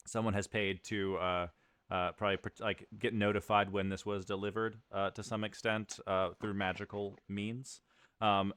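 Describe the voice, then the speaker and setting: A man's voice: lowish voice, a bit bright, no room sound. A man narrating as game master of a tabletop game, talking loosely with lots of fillers.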